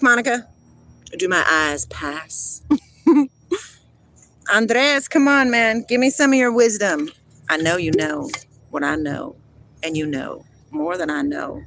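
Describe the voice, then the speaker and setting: A woman's voice: deep voice, creaky, a bit bright, a little hiss or hum, poor audio. A woman hosting a casual livestream outdoors by a river on her phone, playful and dreamy, chatting about spiritual ideas and reading out viewer comments. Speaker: livestream host.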